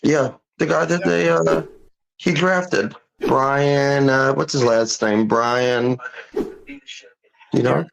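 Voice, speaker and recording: A man's voice: medium pitch, fairly even intonation, gravelly, poor audio. A man voicing a confused male caller who rambles and trails off with ums. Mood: rambling. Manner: halting, forgetful, full of ums.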